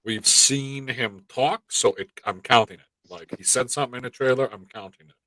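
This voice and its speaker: A man's voice: mid-range voice, normal speed, no room sound, poor audio. A man co-hosting a casual live-stream chat, rambling and swearing freely as he talks. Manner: profane, animated rambling. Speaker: podcast co-host.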